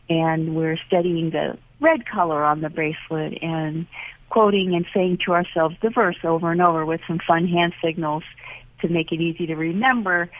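Woman, low-pitched, gentle, earnest, pausing often, phone-quality audio. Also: no room sound. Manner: gentle, earnest, many fillers and pauses. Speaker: ministry teacher. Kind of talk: reflective talk. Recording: phone-line audio, dry.

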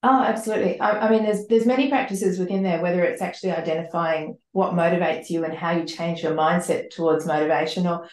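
A woman leadership coach speaks in long, earnest stretches, often doubling a word as she gathers her thoughts. Her voice sits on the low side, and the recording carries a noticeable roomy echo. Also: fairly even intonation, quick pace, hardly any pauses, darkish tone. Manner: earnest, flowing, repeats words while thinking. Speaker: leadership coach and author, guest. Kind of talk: podcast interview answers.

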